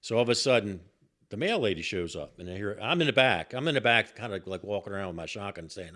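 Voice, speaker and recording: An older man telling a story on a podcast in an animated, profane way and repeating himself as he goes. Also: fairly low pitch, fast. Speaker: guest, host's father.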